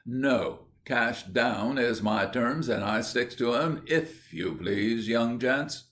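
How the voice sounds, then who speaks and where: A man voicing a stingy, stubborn older male shopkeeper who talks in rough dialect grammar for a storybook reading. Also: medium pitch, slow, fairly bright tone, pitched above the performer's own voice. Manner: dialect grammar, dropped endings.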